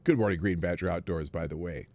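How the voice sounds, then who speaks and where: Speaking quickly in a low-pitched voice, a man runs a casual morning live stream. He welcomes each viewer individually by name, staying animated and drifting off into rambling tangents.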